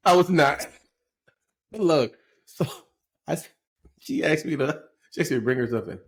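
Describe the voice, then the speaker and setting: A man's voice: medium pitch, normal speed. A man in his forties co-hosting a podcast, telling stories in casual chat and laughing often. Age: 40s. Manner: animated storyteller, laughs often. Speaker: podcast co-host.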